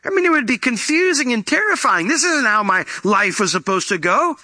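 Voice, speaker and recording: A man preaching a sermon, explaining scripture and acting out the quoted lines with sudden jumps in pitch. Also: a little fast, no room sound. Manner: animated, acts out quoted voices with big pitch jumps. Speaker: pastor.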